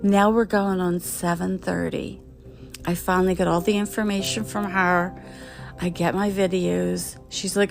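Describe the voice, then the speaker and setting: Middle-aged woman, podcast host telling an animated, exasperated story, mid-range voice. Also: medium pitch, moderate pace, gravelly, faint music behind. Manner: animated, exasperated, acts out the dialogue. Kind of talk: casual storytelling.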